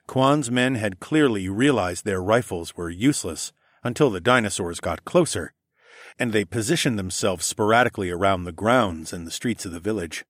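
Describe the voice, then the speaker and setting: Low-voiced man reading an audiobook. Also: moderate pace, dry recording, studio quality. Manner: steady storytelling read, voicing dialogue with more energy. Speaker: audiobook narrator. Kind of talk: scripted first-person narration.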